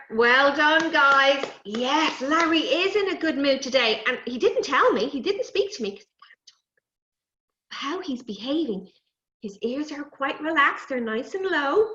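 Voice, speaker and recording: A woman presenting a lively lesson on animal safety to young children, coaxing them and talking to toy animals. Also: high voice. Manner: animated, coaxing, talks to puppets and kids. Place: indoors, recorded for an online event. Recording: dull, roomy live stream audio.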